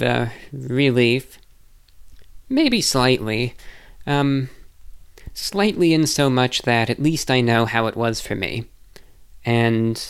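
Guy with a smooth clear voice, rambling and hesitant, vlog q&a vibe. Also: mid-range voice. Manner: rambling, hesitant, self-reflective. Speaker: vlogger answering viewer questions. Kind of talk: casual monologue.

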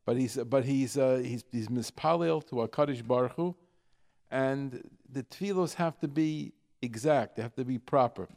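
A man from New York hosting a radio talk show, explaining in a halting way full of fillers and drawing out example words slowly. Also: medium pitch, a little mellow.

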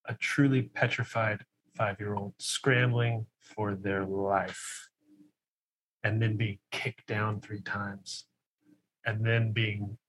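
Hesitant low-voiced man over faint noise. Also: rough recording. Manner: hesitant, halting, with sympathetic groans. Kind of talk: casual conversation.

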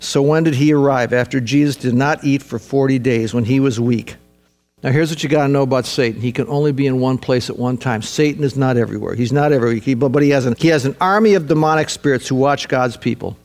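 A man preaching a sermon as pastor, earnest and conversational, repeating key points for emphasis and dropping to a hushed tone for reflection. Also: fairly high pitch.

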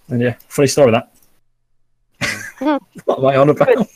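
A man's voice: medium pitch, big pitch swings, a little fast, darkish tone, rough recording. A young man with an English accent, rambling and laughing as he chats with friends on a podcast. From England. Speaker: podcast co-host. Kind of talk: casual chat.

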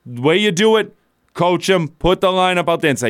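A man's voice: on the high side, expressive, brisk, no echo, studio quality. Opinionated male sports radio host. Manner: blunt and opinionated, chuckles mid-sentence. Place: radio studio.

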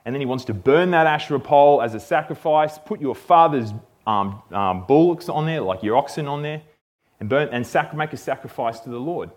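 A man teaching a Bible passage in a relaxed, conversational way, often checking in with "okay?". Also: medium pitch, a little fast. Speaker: preacher.

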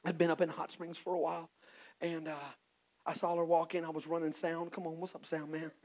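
A man from Texas, telling his own story in an animated, self-mocking sermon with lots of restarts. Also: on the high side, brisk. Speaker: preacher.

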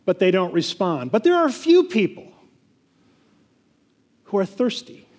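High-voiced man preaching in a reverberant church. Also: a little mellow. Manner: earnest preaching with frequent repeated words and restarts. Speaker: pastor. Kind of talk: sermon.

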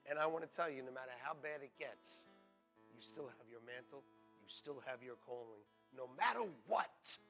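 A man preaching a sermon as pastor, swinging between hushed, quiet passages and loud, shouted exclamations. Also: medium pitch, steady tone, normal speed, faint music behind.

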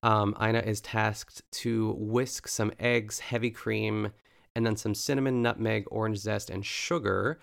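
A man's voice: on the low side, fairly even intonation, unhurried, gravelly, clear, resonant tone. A man recapping a cooking show episode in casual, rambling chat, full of fillers and self-corrections.

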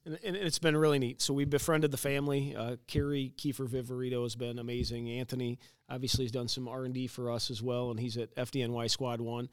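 A man's voice: medium pitch, little pitch movement, fast talker, hardly any pauses, clean tone. A plain-spoken man talks earnestly and steadily in a casual interview. The room around him is dry and close, with almost no echo. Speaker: company co-founder.

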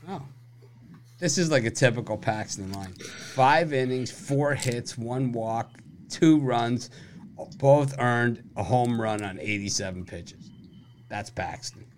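A man's voice: medium pitch, slow pace, a little hiss or hum. A man hosting a sports betting podcast, joking around, laughing often and giving blunt opinions. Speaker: podcast host. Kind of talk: casual sports betting chat.

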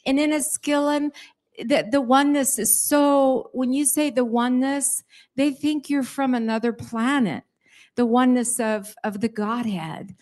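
A middle-aged woman giving a chatty church testimony to the congregation, with some fillers and lively emphasis. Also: fairly high pitch. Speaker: pastor's wife sharing a report.

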